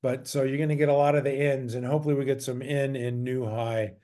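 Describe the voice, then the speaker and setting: A man's voice: medium pitch, flat delivery, quick pace, warm tone. A man who trades stocks, casually walking through his trades and charts in a loose, chatty way with frequent fillers and self-corrections.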